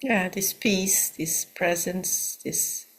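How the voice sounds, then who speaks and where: Soft, breathy woman sharing quietly. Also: lowish voice. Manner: soft, searching, with pauses. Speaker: workshop participant. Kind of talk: reflective sharing. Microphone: video call.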